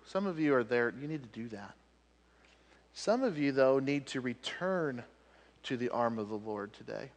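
A man preaching a sermon to a congregation, telling a Bible story with animated energy and dropping to quiet appeals. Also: medium pitch, normal speed. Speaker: pastor. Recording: long hall reverb.

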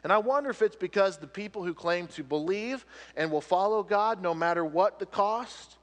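High-voiced pastor preaching in a hall. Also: male voice. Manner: dramatic, swings from loud emphatic to hushed. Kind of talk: sermon. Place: church sanctuary. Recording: long reverb of a church hall.

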